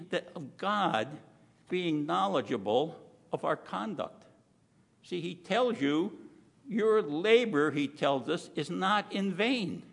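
A man preaching a sermon in a chatty, emphatic way, full of asides and slowed-down stressed words. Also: high-pitched, gravelly. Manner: conversational preaching with frequent asides. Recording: long hall reverb.

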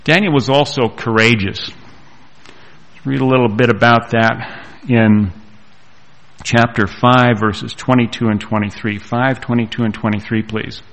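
A man preaching a sermon and reading scripture aloud, with slow, deliberate delivery and pauses. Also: medium pitch, steady tone, a bit bright, rough recording.

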